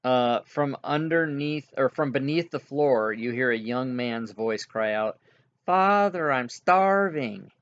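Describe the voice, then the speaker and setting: Man running a tabletop game, halting, muffled lo-fi audio, mid pitch. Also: flat delivery. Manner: halting, filler-heavy, chuckles at players. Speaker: game master.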